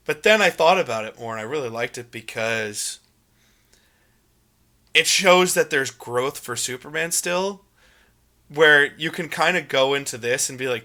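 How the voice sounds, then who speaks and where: Bright-voiced animated young man. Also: on the high side, a little slow. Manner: animated, emphatic, talks in long runs. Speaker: podcast co-host. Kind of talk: casual movie podcast chat.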